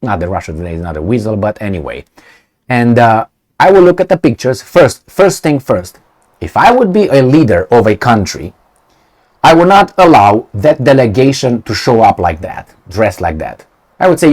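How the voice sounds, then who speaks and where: A man talking through the news in a blunt, sarcastic voice that swings up and down a lot. He has a middle pitch and keeps stopping on "uh" and "you know.". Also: sing-song, moderate pace, darkish tone. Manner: blunt and sarcastic, many fillers. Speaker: political commentator. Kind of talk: casual opinionated commentary.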